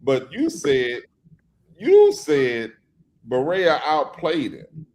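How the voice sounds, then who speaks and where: Lively mocking man in sports debate. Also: a little high, drawn-out words. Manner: heated, mocking, loud laughter. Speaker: co-host. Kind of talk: casual sports debate chat.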